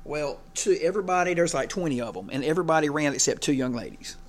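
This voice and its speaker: A man's voice: a little high, animated, quick pace. A man preaching a sermon. He talks conversationally, repeats himself and keeps checking in with the congregation. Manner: conversational, often checks in with "okay?" and "right?"; repeats himself and restarts phrases.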